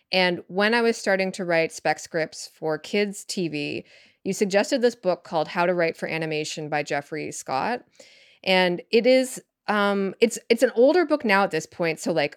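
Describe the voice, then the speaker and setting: A woman writer chatting as a podcast guest, thinking out loud with lots of fillers and restarts. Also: fairly low pitch, clean tone, no room sound, studio quality. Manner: rambling, filler-heavy, thinks aloud. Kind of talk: casual interview chat.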